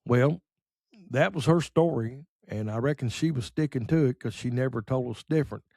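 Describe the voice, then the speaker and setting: A middle-aged man telling rambling, folksy stories on a podcast, full of pauses and fillers. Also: medium pitch, creaky, darkish tone, no echo, clean studio sound. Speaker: podcast host. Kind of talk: casual storytelling.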